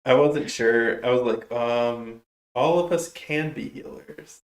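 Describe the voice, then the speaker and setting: Jokey male streamer in a roomy space. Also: mid-range voice. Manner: jokey, laughs often, quick reactions. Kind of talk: casual gameplay chat.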